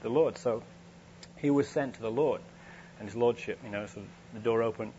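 A man's voice: medium pitch, a little fast, dark tone. A male preacher tells a story in a loose, conversational sermon, often restarting his sentences. His voice sits in a middle register. The recording is dull and lo-fi, with a faint hum and noise underneath.

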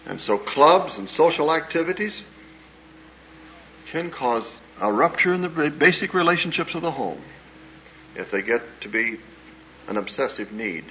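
This earnest preacher, heard on an old recording, has a fairly high, lively, pushed and bright voice. His sermon-style talk is built on anecdotes, delivered as measured storytelling with hesitations, and the lo-fi sound is dull with faint hiss.

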